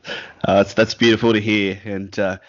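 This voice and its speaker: A man's voice: fairly low pitch, little pitch movement, moderate pace, dry recording, lo-fi sound. A man hosting a casual podcast interview, talking hesitantly with many fillers and restarts. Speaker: podcast host interviewing a guest.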